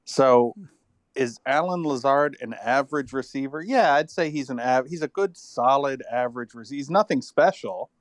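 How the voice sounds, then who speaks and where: A man co-hosts a casual football podcast, rambling and thinking aloud, tired after an illness. His medium-pitched voice moves at a moderate pace, and the recording is dry with clean studio sound.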